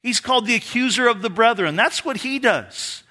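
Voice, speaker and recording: A man's voice: very high-pitched, expressive, normal speed, sharp tone. A man preaching an expository sermon as a pastor, explaining scripture in a conversational way with asides to the congregation.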